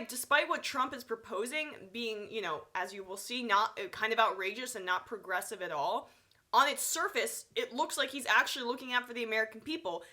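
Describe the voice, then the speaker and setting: A woman's voice: fairly high pitch, brisk, sharp tone. A woman with a stuffy nose giving sarcastic, opinionated live political commentary, full of fillers. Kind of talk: live online news commentary.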